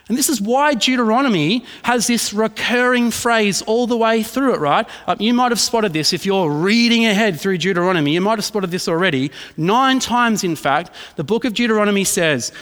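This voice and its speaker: A man's voice: high-pitched, a bit bright. A man, a pastor preaching a sermon in a casual storytelling way, often checking in with "right?". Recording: reverberant hall.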